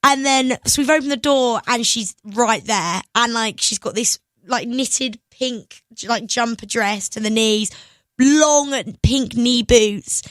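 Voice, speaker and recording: A young woman, a singer, telling stories in an excitable, giggly way as a radio guest. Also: on the high side, slow, no echo. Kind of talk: casual interview chat. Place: radio studio.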